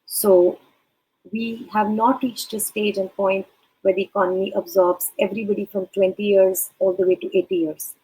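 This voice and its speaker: Husky woman giving career advice. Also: medium pitch, flat delivery, mellow, rough recording. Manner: measured, advising, addresses listener directly. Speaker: career advisor. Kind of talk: advice talk.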